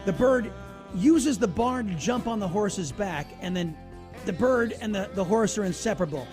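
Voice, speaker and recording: A man hosting a talk radio show, telling a story in an animated monologue. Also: sits high, moderate pace, music in the background. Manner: animated storytelling, narrates an ad over its soundtrack.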